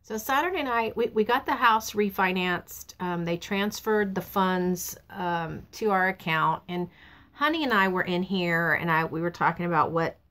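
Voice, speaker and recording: A middle-aged woman talks casually to her camera, her voice sitting low. She tells a family story in a chatty, rambling way, acting out what others said. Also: lively intonation, moderate pace, fairly bright tone. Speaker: vlogger. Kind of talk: casual personal vlog. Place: truck stop, outdoors.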